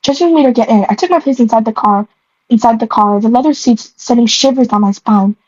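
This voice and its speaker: A woman's voice: fairly high pitch, a little fast, a little mellow. A young woman reading her old story aloud and tripping over the words. She keeps stopping to mock her own writing. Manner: stumbling, self-mocking, breaks into giggles. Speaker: creator rereading her old stories. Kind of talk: reading aloud with comic asides. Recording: dull lo-fi, dry.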